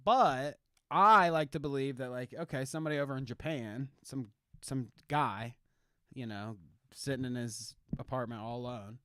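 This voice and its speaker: A man with a Midwestern American accent rambles through a loose podcast chat, laughing often and cursing easily. His medium-pitched voice sits close on a mic in a dry, dead room. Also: moderate pace, pushed and bright, clear, resonant tone, dry recording. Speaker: podcast co-host. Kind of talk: casual chat.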